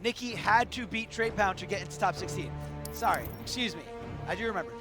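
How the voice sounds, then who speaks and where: A man with a voice going hoarse, giving live commentary at a fighting game tournament and explaining things, correcting himself as he goes. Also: sits high, fairly quick. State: hoarse, losing his voice. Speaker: esports commentator. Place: tournament venue. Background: music.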